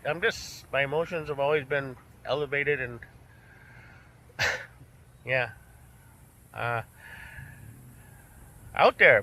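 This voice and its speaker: A man's voice: medium pitch, bright, forceful tone, slight background noise. An older man vlogging outdoors while he walks, rambling and heartfelt, with plenty of fillers. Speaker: missionary vlogger. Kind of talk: emotional casual vlog. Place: outdoors on a beach.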